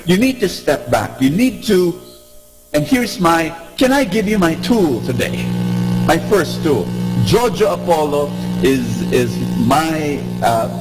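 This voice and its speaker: A man giving an inspirational talk to a live audience, animated and engaging, asking questions and leading call-and-response. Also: on the high side, rough recording. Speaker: motivational speaker.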